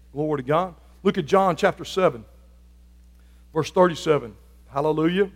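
A man preaching a sermon as a pastor, building from quiet, reflective talk to loud, fervent shouting. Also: fairly high pitch, moderate pace, long pauses, in a large hall. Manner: preaching with rising fervor, shouting at peaks.

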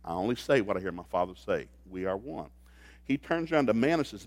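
A middle-aged man preaching a humorous sermon on marriage, folksy and joking, swinging from quiet asides to loud bursts. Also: on the low side, animated, quick pace, no room sound. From grew up in a blue-collar factory family.

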